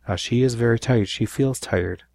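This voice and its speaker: A man's voice: medium pitch, moderate pace, creaky, darkish tone, no echo. A man teaching a recorded Spanish grammar lesson, explaining step by step and checking in with frequent "right?".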